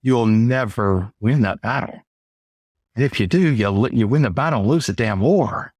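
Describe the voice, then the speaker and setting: A man's voice: mid-range voice, normal speed, a little mellow, dry recording. A man telling a work story as a sales trainer in a casual monologue, blunt and emphatic, with mild cursing and frequent "right?" asides. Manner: conversational, often asks "right?".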